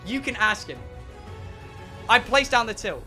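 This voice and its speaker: Streamer, young British man, high and bright voice, excitable, sweary storyteller. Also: soft background music. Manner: excitable, swearing, dramatic pauses. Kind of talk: animated storytelling to a live chat. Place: home streaming room.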